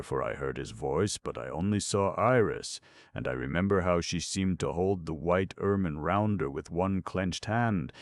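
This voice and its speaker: A male audiobook narrator with a very deep, gravelly voice, reading in a measured, lyrical way. The recording is dry and close. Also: no echo. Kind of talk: scripted narration.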